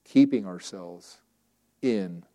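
A man's voice: sits low, takes it slowly, mellow. A man preaching a sermon in a conversational way, acting out quoted prayers and objections and often restarting phrases.

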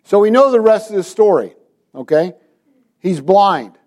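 A man's voice: high voice, lively intonation, a little slow, darkish tone. A man preaching a sermon to a congregation, retelling scripture and asking his listeners direct questions. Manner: dramatizes scripture with quoted voices. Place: church.

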